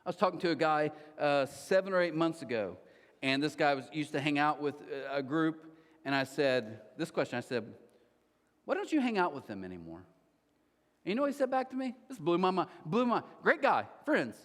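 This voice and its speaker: A middle-aged man preaching a sermon, telling stories from his own life in an animated way with sudden jumps in pitch. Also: a little fast. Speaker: pastor. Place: large church hall. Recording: long hall reverb.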